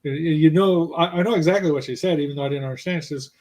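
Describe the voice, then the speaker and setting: A man's voice: a little high, fairly even intonation, fast, darkish tone, rough recording. A man in a casual chat who backs up his wife with short agreeing replies and finishes her sentences. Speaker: co-host of a couple's channel.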